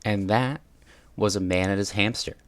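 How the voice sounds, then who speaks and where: Deep voiced guy doing the show outro, dry sound, plain promo. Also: moderate pace, no echo. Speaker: host.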